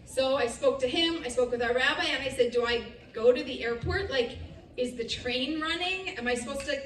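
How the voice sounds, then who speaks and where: High-pitched american woman telling a story at a festival, laughing a lot, kind of far from the mic, echoey room. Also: a little fast, a little hiss or hum. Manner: animated, quoting others in her own voice, laughing often. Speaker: speaker giving a festival talk. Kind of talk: storytelling talk to a live audience. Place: festival stage. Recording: echoey venue, speaker heard from a distance with faint ambience.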